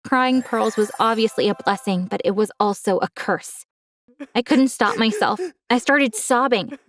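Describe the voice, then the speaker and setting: Young woman narrator, first-person storytelling, earnest and dramatic, voice sits a bit high. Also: unhurried.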